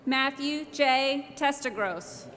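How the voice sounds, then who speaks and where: At a graduation ceremony in a large hall, a woman announces each graduate by name, slow and measured, through a podium microphone. Her voice is high-pitched, with background noise. The room echoes and the crowd is loud.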